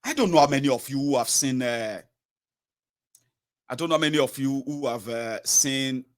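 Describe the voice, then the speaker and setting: Speaking at normal speed in a medium-pitched voice, a man with a Nigerian accent gives a passionate political monologue as a commentator. He's emphatic and often uses fillers and corrects himself.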